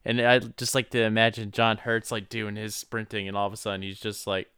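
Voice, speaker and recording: A man's voice: fairly low pitch, completely flat delivery, a little fast, a bit bright, clear, resonant tone, no room sound, studio quality. A man co-hosting a casual movie recap podcast, joking around, swearing casually and laughing often. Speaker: podcast co-host.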